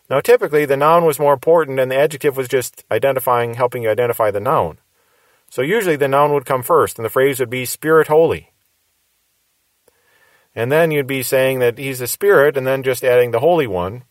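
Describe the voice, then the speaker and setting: A man's voice: medium pitch, no room sound. A man preaching a verse-by-verse Bible teaching sermon, explaining patiently and repeating key phrases for emphasis.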